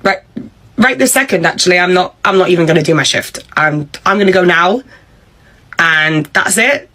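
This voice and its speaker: A woman's voice: on the low side, animated, moderate pace, bright, forceful tone, low-quality recording. A woman performing comedy sketch dialogue, exasperated and sarcastic, swearing freely.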